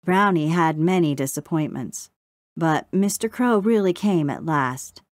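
A woman narrates a children's story aloud in a gentle, measured way. Her voice sits a little low and she takes her time over every line. The recording is dry and close to the mic. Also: no room sound. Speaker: audiobook narrator.

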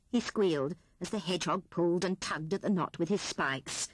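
A woman reading a children's story aloud in an expressive storytelling manner. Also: lowish voice, normal speed, hardly any pauses, no echo. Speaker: audiobook reader. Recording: 1970s cassette audiobook, dry studio.

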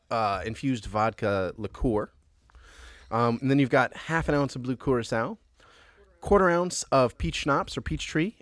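A man's voice: mid-range voice, dry recording. Playful bartender podcast host, man. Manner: playful, animated, laughs often. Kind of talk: casual movie review chat.

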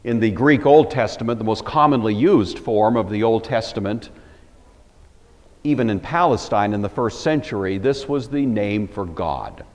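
A man teaching a Bible lecture, telling the story with animated emphasis. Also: lowish voice, normal speed, in a large hall.

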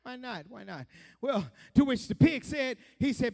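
A pastor preaching a sermon and telling a story, with lots of repetition, call and response with the congregation, and now and then bursts of shouting. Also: male voice, very high-pitched, normal speed, vocal fry. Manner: animated storytelling, laughs often.

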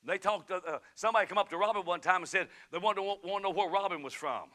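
In a church sanctuary, a middle-aged pastor with a Southern US accent preaches a sermon, swinging between shouted, fervent passages and quiet storytelling. His voice is high-pitched and his delivery fast.

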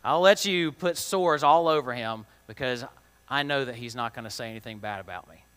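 Man doing God in a storytelling lesson: calm and sure of himself, in a bright voice. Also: mid-range voice, brisk, clean tone, voice pushed down, natural voice. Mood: assured. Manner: calm and certain. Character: calm, assured male God. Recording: long reverb of a large hall.

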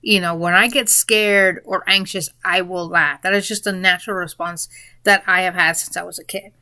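A female vlogger gives a casual spoken monologue, rambling a bit with fillers and restarts and breaking into giggles mid-sentence. Her voice is on the low side, bright and forceful, with fairly even intonation at normal speed and no room sound.

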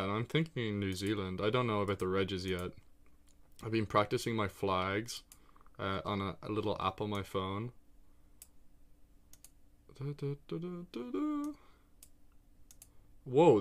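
Excitable streamer chatting over keyboard clicks. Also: male voice, on the low side. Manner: excitable, talks to himself and chat, swears freely. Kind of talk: casual live-stream chat while playing a geography game.

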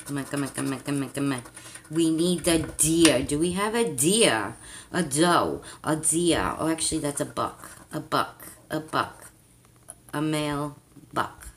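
Woman, vlogger, slow chatty delivery, slightly low voice, faint background noise. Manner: chatty, talks to viewers as "guys", mild cursing. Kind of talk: casual chat to viewers while playing a scratch-off card.

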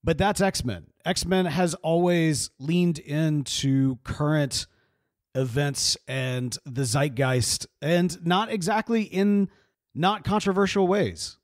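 With a fairly high, fairly even voice, the Southern-raised creator, a man in his thirties from Mississippi, takes it slowly as he talks through a cartoon episode. It's studio quality with no room sound; his casual reaction is earnest, emotional, and full of rambling asides.

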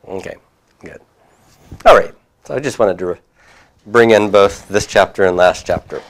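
A man's voice: on the low side, normal speed. A man teaching a class, reviewing homework and prompting students with questions, with occasional chuckles.

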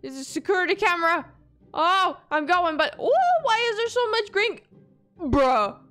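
A woman giving excitable commentary while playing a video game, gasping and squealing at every obstacle. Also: very high-pitched, moderate pace, soft background music. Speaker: gaming video creator. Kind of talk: playthrough commentary.

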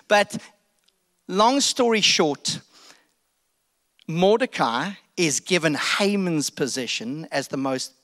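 A middle-aged South African pastor with an animated, casual, jokey storytelling sermon manner. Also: male voice, high-pitched.

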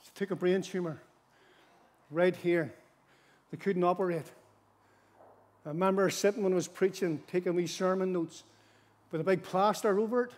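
Earnest preacher in echoing tent. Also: male voice, sits high, steady tone, darkish tone. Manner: earnest, repeats phrases for emphasis, slows for scripture. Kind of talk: tent mission sermon. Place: large gospel tent.

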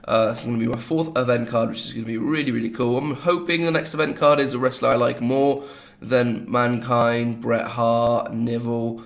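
A man's voice: mid-range voice, fairly even intonation, normal speed. Rambling young Englishman with an English accent. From England. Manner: rambling, chatty, jokey asides. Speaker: gaming video host. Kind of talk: casual gameplay commentary.

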